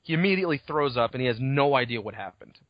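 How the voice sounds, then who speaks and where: Summarizing a novel chapter in casual podcast chat, this co-host rambles along at a quick pace, animated and swearing freely, slipping into the characters' voices. His pitch is middling, and the home recording sounds dull, lo-fi and dry, with no room echo.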